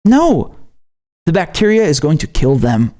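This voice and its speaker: A man's voice: a little high, animated, moderate pace, a little mellow. A man from Syria hosting his own political commentary show, ranting with heavy profanity and stumbling over repeated words as he gets worked up. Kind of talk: heated political commentary rant.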